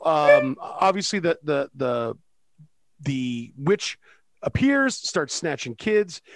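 A man's voice: fairly high pitch, dry recording. A man co-hosting a casual film review chat, sarcastic and profane, with plenty of filler words. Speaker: podcast co-host.

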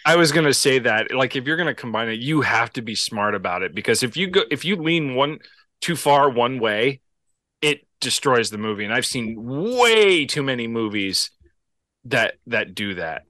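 Bright-voiced man podcast co-host. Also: medium pitch, expressive, moderate pace, dry recording. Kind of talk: casual chat.

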